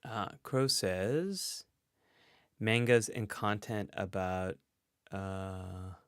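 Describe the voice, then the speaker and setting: A man's voice: fairly low pitch, extremely slow, smooth, no echo. A man hosting a casual livestream, thinking aloud and reading out chat comments. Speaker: host and psychologist. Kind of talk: casual livestream guessing game.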